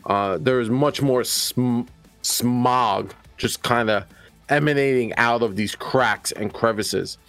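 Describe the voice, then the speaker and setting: A man's voice: medium pitch, slow pace, a bit bright, dry recording. A man narrating as game master, loose and hesitant, with faint music behind.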